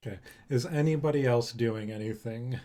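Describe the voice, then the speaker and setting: A man narrating as game master of a tabletop game, pausing often with ums. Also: medium pitch, dark tone. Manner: hesitant, with frequent ums.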